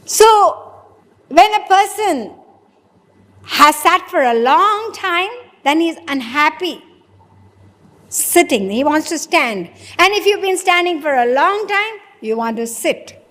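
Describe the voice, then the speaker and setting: A woman's voice: very high voice, animated, slow, a bit bright. A woman giving a sermon, asking the audience rhetorical questions and answering them herself. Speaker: spiritual preacher. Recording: long hall reverb.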